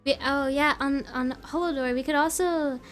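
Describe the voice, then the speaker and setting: A woman's voice: high voice, fairly even intonation, moderate pace, soft background music. A young woman streamer chatting casually and reading out her chat, giggly and rambling.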